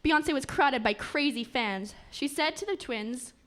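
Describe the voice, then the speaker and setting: A woman with a somewhat high voice reads a comic fairy tale aloud. She keeps a steady pace, tripping over a word now and then and starting again. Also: measured pace. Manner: steady reading with small stumbles and restarts. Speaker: story narrator. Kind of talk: reading a comic story aloud.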